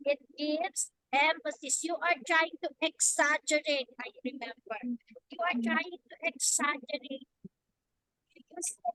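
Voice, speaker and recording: A young woman teaching a grammar lesson, talking slowly and patiently and repeating her questions to the students. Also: sits high, pushed and bright, no room sound, rough recording.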